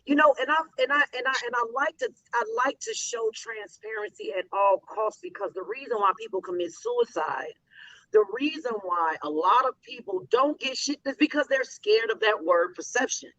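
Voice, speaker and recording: A woman's voice: on the high side, big pitch swings, moderate pace, fairly bright tone. A woman hosting a casual, candid chat, blunt and emphatic with plenty of profanity. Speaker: host. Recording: muffled dry sound.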